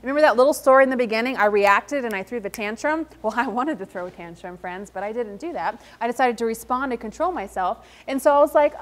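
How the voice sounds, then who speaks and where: A woman's voice: fairly high pitch, expressive, quick pace, hardly any pauses. A woman giving a motivational talk to a live audience at an event, telling stories and acting out the quoted lines as she goes. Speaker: invited speaker at an entrepreneurship event. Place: event hall in front of an audience.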